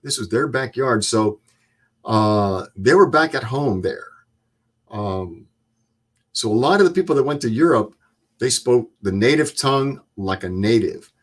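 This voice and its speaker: A man in his seventies, a guest, telling stories in a plain-spoken, measured way. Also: mid-range voice, expressive. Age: 70s. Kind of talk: storytelling interview.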